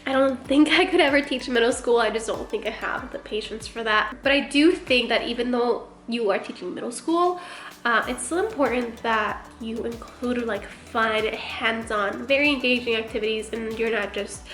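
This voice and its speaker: A woman's voice: a little high, normal speed, a bit bright, roomy sound. A woman who teaches first grade, chatting casually in a vlog from her car, congested with a stuffy nose and a bit frazzled.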